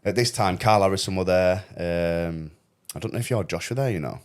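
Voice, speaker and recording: A man's voice: low voice, brisk, clean tone. A young man, hosting a podcast and telling a wild story in casual, swear-laden chat. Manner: swearing, animated storytelling with quoted voices. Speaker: podcast host.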